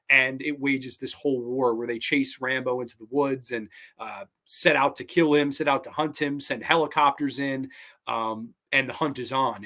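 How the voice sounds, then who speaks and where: A man hosting a movie review show, talking excitedly and loosely, with frequent swearing. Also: a little high. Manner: excited, rambling, swears freely. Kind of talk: casual film commentary.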